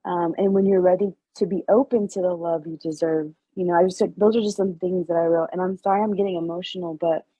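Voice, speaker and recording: A woman with a mellow, husky voice shares her experience in a healing class. She speaks haltingly and emotionally, with many fillers. The sound is dry and dull. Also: lowish voice, fairly even intonation, dry recording. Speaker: class participant and healer. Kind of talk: sharing in a group class.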